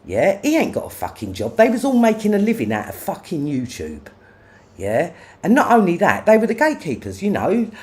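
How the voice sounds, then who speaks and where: A livestreamer in an angry, profane rant, firing off confrontational questions. The voice sits mid-pitch and leaps wildly up and down as the anger flares. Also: wildly swooping pitch, a little fast, darkish tone. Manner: profane, confrontational, repeats "yeah?".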